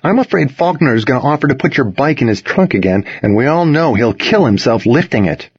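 A man playing a sarcastic teenage boy, teasing, lively pitch, dry lo-fi recording. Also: fairly quick, husky. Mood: sardonic. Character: snarky, protective teenage boy.

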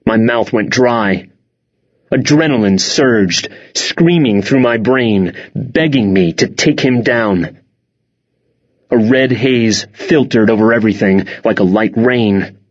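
A man narrating a first-person story for an audiobook in a measured, tense manner. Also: medium pitch, muffled recording.

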